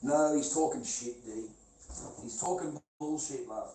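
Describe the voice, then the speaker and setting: A livestreamer speaks unhurriedly to his chat over a noisy background, profane and confrontational, calling everyone mate and brother. He tends to trail off into low mumbling.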